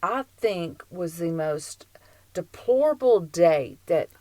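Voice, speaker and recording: Woman, podcast co-host, blunt, dry humor, very low pitch, slow pace. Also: expressive, darkish tone, no echo, rough recording. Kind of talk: casual recap chat.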